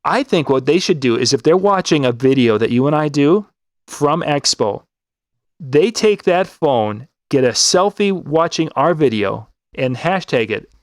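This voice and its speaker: A man's voice: a little high, expressive, measured pace, no echo, studio quality. Upbeat rambling man on a live stream. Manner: rambling, restarts and fillers, upbeat promo talk. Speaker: co-host of a live DJ web show. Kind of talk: casual live-stream chat.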